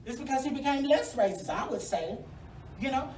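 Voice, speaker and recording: A woman campaigning for Congress speaks at a forum in a venue hall, sassy, folksy and fired up. Her high voice is a little mellow with lively intonation and a slightly fast delivery, recorded by a far-off mic in an echoey room with slight background noise.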